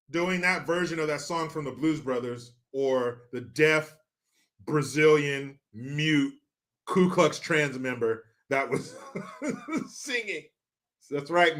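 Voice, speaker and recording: A man's voice: on the high side, sharp tone. A man hosting his own show, ranting through sarcastic, profane political commentary full of mockery. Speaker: show host.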